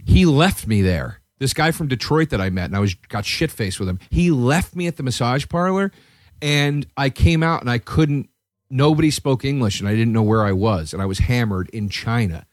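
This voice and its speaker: A man hosting a podcast, telling a rambling, profane story in a casual chat and jumping to a high, excited voice at times. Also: moderate pace, no echo, studio quality. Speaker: podcast host.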